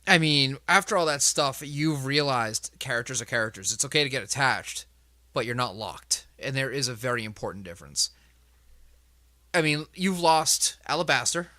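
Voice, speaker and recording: Animated, bright-voiced game master. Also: male voice, mid-range voice, normal speed, dry recording. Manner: emphatic, laughs often, reflective. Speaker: game master of a tabletop group. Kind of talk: casual group chat.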